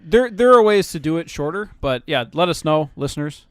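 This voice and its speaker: A man's voice: on the high side, lively intonation, a little fast, a bit bright, clean tone, dry recording, studio quality. A man co-hosting a podcast, chiming in casually and joking with the others. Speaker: podcast co-host. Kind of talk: casual chat.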